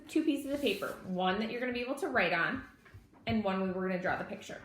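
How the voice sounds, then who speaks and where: A woman's voice: mid-range voice, lively intonation, quick pace, a little hiss or hum. A woman teacher reading a storybook aloud and speaking directly and kindly to young children. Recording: echoey room.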